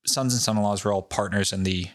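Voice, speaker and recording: A man's voice: fairly low pitch, fast talker, dry recording, clean studio sound. Profane Rhode Island man telling a legend. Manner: profane, off-the-cuff and animated. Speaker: podcast co-host. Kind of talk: casual chat, storytelling.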